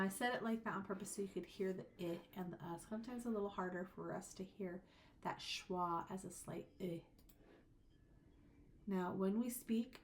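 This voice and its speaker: Woman demonstrating phonics sounds. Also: mid-range voice. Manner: explanatory, demonstrating sounds by stretching words. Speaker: teacher. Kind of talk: recorded lecture on phonics.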